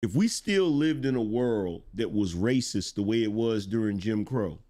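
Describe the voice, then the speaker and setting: A man's voice: fairly low pitch, expressive, moderate pace, warm tone. Blunt, emphatic middle-aged male streamer. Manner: blunt, emphatic, repeats lines for effect, swears. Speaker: commentary show host. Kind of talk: live-stream commentary, reading viewer chat.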